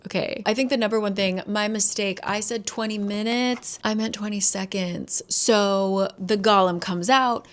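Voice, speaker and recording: A woman in her twenties recapping a thriller in casual chat, sarcastic and swearing, with lots of "like". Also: medium pitch. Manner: sarcastic, swears, laughs at the plot; chatty, full of "like". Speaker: book vlogger.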